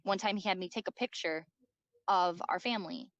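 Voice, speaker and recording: A woman's voice: on the low side, fairly bright tone, no echo. Woman telling her own story, stops and restarts a lot, lots of like and um, kinda muffled lo-fi sound. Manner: halting, repeats words, many likes and ums. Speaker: interview guest. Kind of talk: first-person personal account. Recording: dull lo-fi dry recording.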